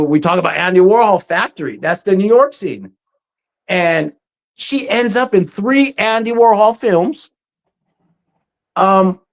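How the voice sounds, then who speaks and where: A presenter giving a casual, story-driven talk over slides, often pausing with "um" and acting out quoted speech. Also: mid-range voice. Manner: frequent ums and restarts.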